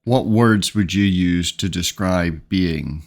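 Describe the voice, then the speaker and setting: A man co-hosting a podcast, talking casually and thoughtfully with pauses. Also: sits low. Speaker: podcast co-host. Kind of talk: casual conversation.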